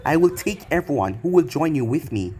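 A man's voice: fairly high pitch, big pitch swings, brisk, warm tone, slightly rough. A man voicing a young male ninja leader in a storybook reading, earnest and commanding in a plain, lightly raised voice. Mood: resolute.

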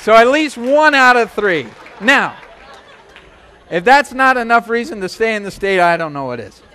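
A man preaching a sermon as pastor, animated and joking, acting out quoted voices. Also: very high voice, moderate pace, clear, resonant tone, a faint crowd. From United States.

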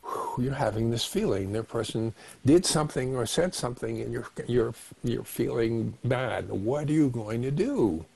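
An older man giving a slow, reflective webinar talk on relationships, now and then acting out short quoted exchanges. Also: mid-range voice, lively intonation, vocal fry, darkish tone, breathy edge. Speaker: doctor giving a meditation talk. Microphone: webinar microphone.

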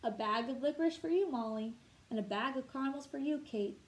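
A woman reading a storybook aloud, voicing a kindly old male shopkeeper with a gentle, folksy way of talking. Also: sits high, brisk, echoey room, close to an everyday voice.

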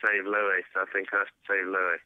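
A man's voice: deep voice, completely flat delivery, fairly quick, dry recording, narrow, tinny audio. A young man being interviewed as a guest musician, answering in an easygoing, hesitant way with many fillers. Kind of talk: casual interview.

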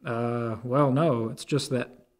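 Rude flustered shop boss, read by a man, dismissive, dark even voice. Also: mid-range voice, slow pace, natural voice. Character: flustered, rude male art dealer.

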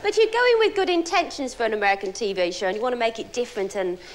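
A woman's voice: on the high side, lively intonation, fast. A woman from England, a chatty, laughing talk show guest.

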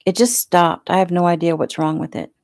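A woman's voice: on the low side, brisk, creaky, darkish tone, no echo. A woman reading the lines of a proud, weary young mother with an earnest, indignant manner in a casual audiobook.

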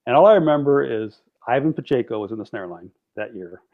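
A man tells stories as a podcast guest in a relaxed, animated way. He acts out what people said and laughs often. His voice sits at an ordinary middle pitch, and the recording sounds a little dull and lo-fi. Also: fast. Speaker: podcast guest, drum line instructor. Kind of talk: casual storytelling.

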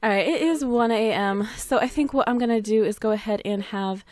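A woman's voice: medium pitch, a little fast, darkish tone. A young woman hosting a let's play, chatting casually about her game with frequent giggles and lots of "like". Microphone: desk USB condenser mic.

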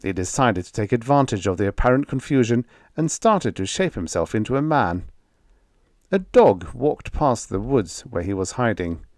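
Guy reading an old sci-fi story, lively voice, dry close sound. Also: mid-range voice, normal speed, no echo. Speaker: narrator. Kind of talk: audiobook narration.

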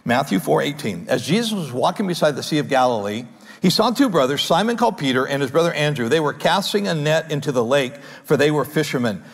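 A male pastor delivers a conversational sermon, restarting phrases as he goes. His voice sits a little high and is gravelly and husky. It echoes with a long reverb through a large church hall. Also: fairly quick. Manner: animated, conversational preaching with repeated starts.

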